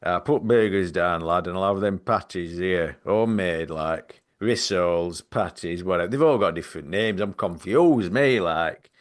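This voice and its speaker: A man's voice: low voice, normal speed, few pauses, close to an everyday voice. A man putting on a broad Yorkshire bloke with a Yorkshire accent, telling a tall tale in dialect. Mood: jolly.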